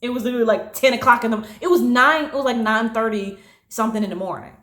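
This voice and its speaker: A woman in her late twenties, casually telling a personal story, animated and acting out what others said. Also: quick pace. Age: late 20s. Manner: animated, acting out quotes with big pitch jumps. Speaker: storytime vlogger. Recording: echoey room.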